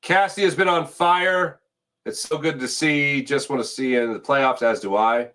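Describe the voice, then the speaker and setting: A man hosting a sports talk stream chats casually, reading out viewer comments and sponsor spots. His mid-range voice is steady and a bit bright, at normal speed.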